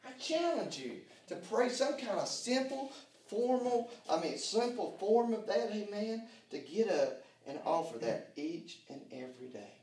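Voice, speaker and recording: A man preaching a sermon. He swings from hushed prayer to loud shouting and fills his talk with "hey, man" and "uh". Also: high-pitched, very animated, measured pace, hardly any pauses, far from the mic. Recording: echoey room, voice from off mic.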